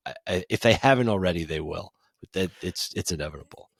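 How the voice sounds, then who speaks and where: A male podcast co-host reads news items and then riffs on them in casual banter. His voice sits low. The sound is dry, with no room echo. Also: animated, gravelly. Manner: brisk news-read turning into casual banter.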